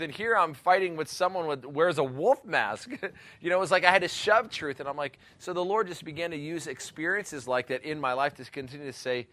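A man's voice: a little high, brisk, bright, forceful tone, no room sound. A male pastor giving an earnest, rambling teaching talk on missions, often laughing and exclaiming.

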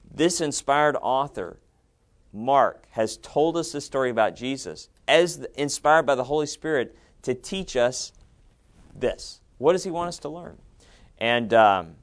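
Animated middle-aged man lecturing a class. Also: on the low side. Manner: conversational, animated, acts out quotes. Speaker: seminary teacher.

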